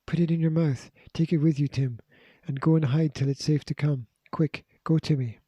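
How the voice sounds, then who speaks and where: A brave, frightened young girl in a storybook, speaking in hushed, urgent tones, as a man reads her lines. The voice is warm and very dark, on a dull, dry recording. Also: fairly high pitch, fairly even intonation, moderate pace, breathy edge, no echo.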